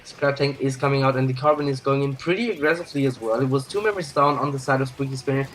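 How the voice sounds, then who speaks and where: A man's voice: medium pitch, fast talker, hardly any pauses, low-quality recording. A man doing color commentary on a competitive video game match, explaining the players and their strategy. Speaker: co-caster.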